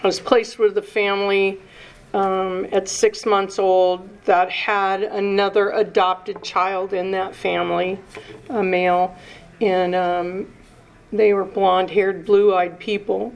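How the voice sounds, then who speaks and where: Slow-talking nervous woman in her sixties. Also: mid-range voice, little pitch movement, highs cut off. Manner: nervous, emotional and halting, with restarts and swearing. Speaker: speaker at a recovery meeting. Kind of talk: personal recovery share.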